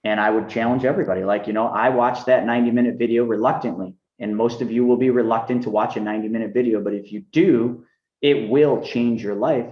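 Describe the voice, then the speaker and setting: A man's voice: mid-range voice, fast talker, echoey room, muffled recording. A man speaking as a podcast guest, telling stories energetically and acting out the dialogue. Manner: energetic, acts out quoted dialogue in a raised voice. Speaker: guest, money mentor. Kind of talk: animated storytelling interview.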